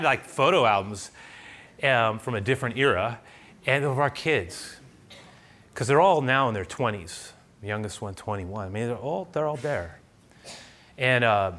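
A middle-aged pastor with a bright, forceful voice delivers a conversational sermon. He tells stories animatedly with bursts of loud excitement, then drops low and quiet for prayer.

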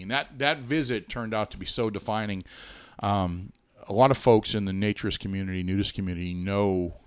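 Middle-aged guy, low voice, telling his story on a podcast, earnest, restarts a lot, dead dry sound. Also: no room sound. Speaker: podcast co-host. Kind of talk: casual storytelling chat.

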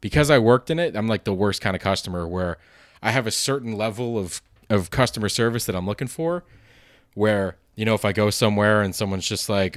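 A man's voice: fairly low pitch, fairly quick, dry recording, studio quality. Rambling, profane man in his late 20s. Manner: rambling, profane, self-deprecating. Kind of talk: casual solo monologue.

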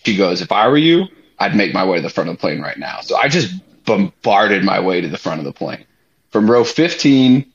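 A young man on a podcast, telling a story in a loose, animated way, swearing freely and using lots of fillers. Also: fairly low pitch. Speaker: podcast co-host. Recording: slightly muffled podcast audio.

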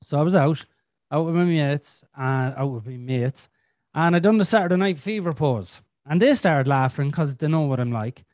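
An Irish man hosting a podcast, telling a personal story in a flamboyant, expressive way. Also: fairly high pitch, normal speed, dry recording, studio quality. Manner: flamboyant, expressive storyteller who swears freely. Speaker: podcast host. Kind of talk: casual storytelling chat.

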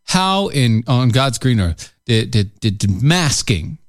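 A man's voice: medium pitch, expressive, measured pace, no echo, studio quality. A man co-hosting a casual political podcast, emphatic and incredulous as he reads news items aloud. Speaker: podcast co-host.

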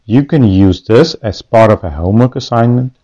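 A man's voice: lowish voice, moderate pace, dull audio. A young man with a South African accent, a student steadily reading a prepared class podcast script. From Western Cape, South Africa. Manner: steady, instructive. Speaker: student presenter.

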